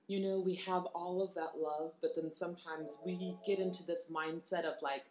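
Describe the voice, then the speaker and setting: A woman's voice: on the low side, little pitch movement, moderate pace, a little mellow, echoey room, soft background music. A woman co-hosting a casual chat, encouraging and reflective, sometimes laughing as she speaks. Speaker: podcast co-host.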